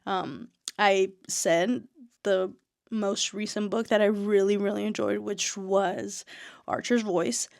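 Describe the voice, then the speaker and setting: A young adult woman, an author telling a story in a casual vlog, chatty and excitable with many fillers and restarts, slightly out of breath. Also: mid-range voice, takes it slowly, gravelly, no room sound, clean studio sound. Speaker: author and vlogger.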